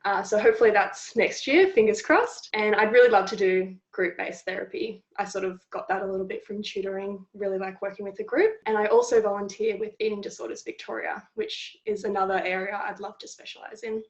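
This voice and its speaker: A woman's voice: medium pitch, a little fast, hardly any pauses, echoey room. A young woman, a psychology tutor, answering interview questions in a friendly, thoughtful way with frequent fillers. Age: young adult. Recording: dull lo-fi sound.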